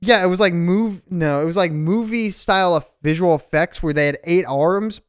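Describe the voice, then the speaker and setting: High, clear-voiced male podcast host. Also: moderate pace. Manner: loose, laughing, profane. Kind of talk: casual podcast chat.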